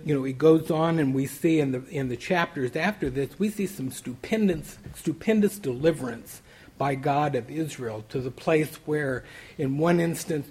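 A man's voice: on the high side, a little mellow, breathy edge. A man preaching a Bible study sermon, reading verses aloud and then commenting on them conversationally.

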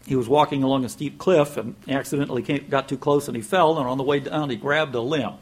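Husky-voiced man preaching a folksy sermon. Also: mid-range voice, steady tone, fast talker. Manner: conversational, tells jokes and chuckles, repeats words.

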